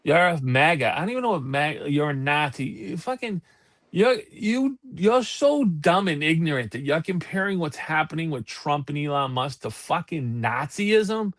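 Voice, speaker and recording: A man's voice: on the high side, big pitch swings, moderate pace, fairly bright tone, dry recording. A man hosting a live talk show, ranting in heated, profane casual chat. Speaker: podcast host.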